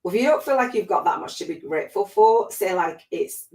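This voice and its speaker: A woman's voice: medium pitch, expressive, a little fast, a little mellow, reverberant. A woman spiritual life coach hosting a livestream, talking in a gushing, emotional way, laughing often and close to tears. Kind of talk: emotional motivational livestream talk.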